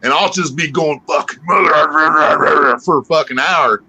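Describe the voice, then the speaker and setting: Laid-back man streamer, loose and profane, bright tone. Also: fairly high pitch, normal speed, husky. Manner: laid-back, swears freely. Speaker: live streamer. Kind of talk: casual chat.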